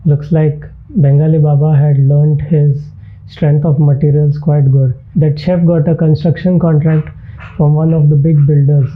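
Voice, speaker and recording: Young Indian man telling deadpan comedy. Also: fairly high pitch, measured pace. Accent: Indian English. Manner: deadpan storytelling with absurd exaggeration. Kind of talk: sit-down comedy monologue. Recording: tinny narrow-band sound.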